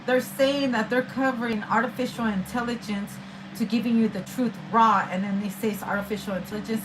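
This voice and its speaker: A woman's voice: on the high side, noisy background. A woman doing a casual, rambling tarot reading, swearing often and using street slang. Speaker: tarot reader. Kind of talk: casual spiritual reading monologue. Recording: music playing behind.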